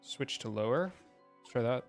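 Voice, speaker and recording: A man streaming a video game, talking quietly to himself as he works through puzzles in casual commentary. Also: mid-range voice, lively intonation, moderate pace, gravelly, soft background music. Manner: quiet, muttering to himself while solving puzzles.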